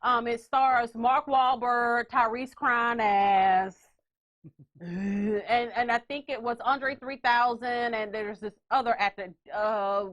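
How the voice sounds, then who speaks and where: A woman hosting a podcast, telling stories in a loud, animated way with playful asides. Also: on the high side, muffled recording. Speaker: podcast host. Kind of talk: casual chat.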